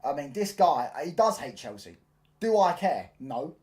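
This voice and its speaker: Animated young football streamer. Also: male voice, on the high side, a little slow. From London. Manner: animated, slangy, repeats "do you get what I'm saying". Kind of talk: casual live-stream chat.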